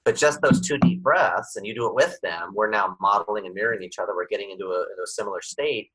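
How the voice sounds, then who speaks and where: Brief: lower-voiced man with a husky edge, animated podcast guest who breaks into little acted-out scenes. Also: quick pace, rough recording. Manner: animated, acts out scenes with sudden louder, higher bursts. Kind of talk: podcast conversation.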